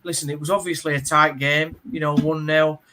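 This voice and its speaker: A man's voice: fairly high pitch, little pitch movement, bright, forceful tone. Man reading football results. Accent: Yorkshire. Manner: rapid, halting with fillers and restarts. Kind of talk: casual football chat.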